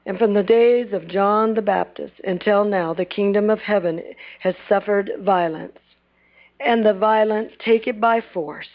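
A woman preaching a sermon, retelling Bible scenes and acting out their lines, swinging between loud bursts and hushed asides. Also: medium pitch, measured pace. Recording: dull lo-fi recording.

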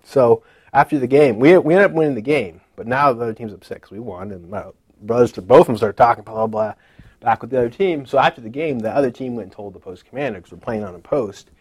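Man telling a lively personal faith story. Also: quick pace, slightly rough, dry recording. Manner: animated retelling, acting out dialogue with lively pitch jumps. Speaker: speaker sharing a personal testimony. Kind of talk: casual storytelling testimony.

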